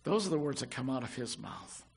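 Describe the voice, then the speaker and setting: A man's voice: medium pitch, sing-song, brisk, vocal fry. An older man preaching a sermon, retelling scripture with rising, emphatic delivery.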